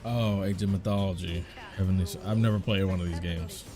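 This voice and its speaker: A man hosting a casual reaction video, thinking out loud and guessing and second-guessing as he comments into a desk microphone. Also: deep voice, steady tone, a little fast. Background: faint trailer music.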